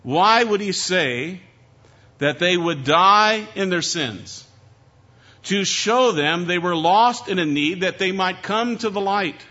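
A man's voice: high-pitched, takes it slowly, sharp tone. A man preaching an earnest, emphatic sermon with repeated phrases. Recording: dull, lo-fi recording.

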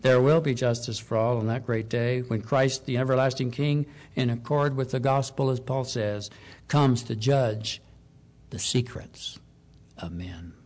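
A man preaching a sermon, measured and deliberate, slowing down and rising in pitch on key points. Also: level tone, darkish tone. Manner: measured, slows for emphasis, rises on key points.

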